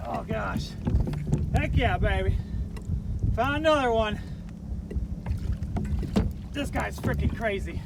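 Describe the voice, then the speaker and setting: Excited high-voiced man. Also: slow, vocal fry, pauses often, heavy background noise. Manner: hyped and exclamatory, keeps shouting "heck yeah, baby". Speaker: fishing vlogger. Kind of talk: excited play-by-play while fishing. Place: outdoors on a kayak on open water. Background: loud background music.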